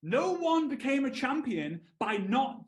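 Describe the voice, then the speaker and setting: Trainer, thirties, high and animated, echoey room. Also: male voice, a little slow. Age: 30s. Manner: energetic, animated, asks the audience to respond. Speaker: network marketing trainer. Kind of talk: storytelling training talk. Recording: roomy echo.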